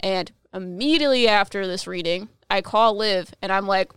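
A woman's voice: mid-range voice, fairly bright tone, clear, resonant tone, dry recording, studio quality. A woman co-hosting a chat show as a psychic medium, telling a story in a chatty way, full of fillers. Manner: chatty, many "like" fillers, gets quicker when stressed. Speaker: podcast co-host, psychic medium.

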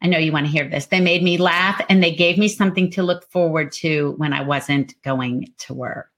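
A woman's voice: deep voice, moderate pace, a bit bright. A woman co-hosting a casual chat, reading out listener comments and talking about her editing. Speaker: co-host.

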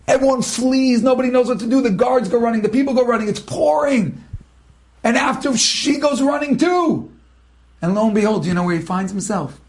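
A man's voice: high voice, vocal fry, darkish tone. A man retelling an inspirational story, dramatic and building to emotional peaks.

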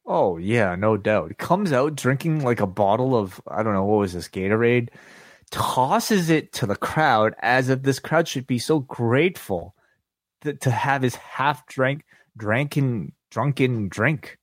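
A man's voice: medium pitch, expressive, measured pace, dry recording, clean studio sound. A man co-hosting a wrestling podcast, talking casually, agreeing readily and rambling with restarts. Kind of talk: casual chat.

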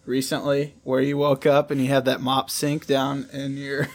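A man's voice: mid-range voice, completely flat delivery, moderate pace. A man teasing a friend in casual podcast chat, asking questions while laughing.

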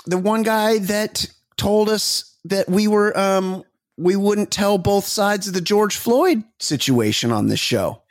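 A man's voice: high voice, animated, slow, no room sound, clean studio sound. A man co-hosting a comedy podcast, telling rambling, profane stories full of restarts in casual chat. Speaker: podcast co-host.

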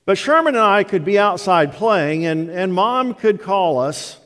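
Older man, pastor, sermon, slightly higher voice, very unhurried, long church reverb. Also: expressive, fairly bright tone. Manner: slow, deliberate storytelling delivery.

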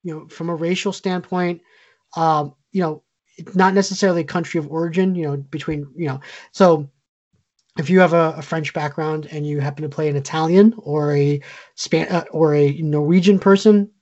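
A man's voice: fairly high pitch, fairly even intonation, normal speed, a little mellow. Opinionated man on a lo-fi podcast. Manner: opinionated, with many fillers and restarts. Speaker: podcast co-host. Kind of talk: casual chat.

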